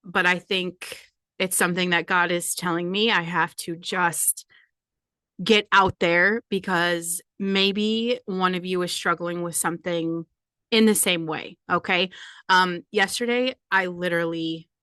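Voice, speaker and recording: A woman in her forties speaks candidly, holding back tears. Her voice is bright and forceful and sits a little low. The recording is dry and close, with no room sound. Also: steady tone, unhurried, smooth, dry recording. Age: 40s. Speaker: podcast host. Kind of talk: personal confession monologue.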